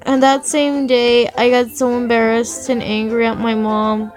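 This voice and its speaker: A woman's voice: a little high, little pitch movement, unhurried. A woman chatting casually on a livestream while she draws, talking in an earnest, confiding way. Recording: music in the background. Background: music playing.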